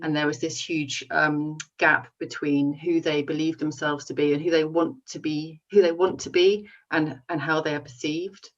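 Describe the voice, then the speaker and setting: Low-voiced woman novelist, muffled and distant. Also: steady tone, normal speed, few pauses. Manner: thoughtful, with frequent ums and restarts. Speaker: novelist on a panel. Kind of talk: book talk and reading aloud. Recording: muffled audio, distant mic.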